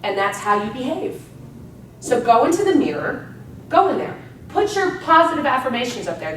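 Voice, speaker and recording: A woman's voice: high-pitched, sing-song, normal speed, a bit bright. A woman giving a live motivational seminar talk to an audience, speaking emphatically and energetically and often checking in with "right?". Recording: echoey room, distant mic, faint background hum.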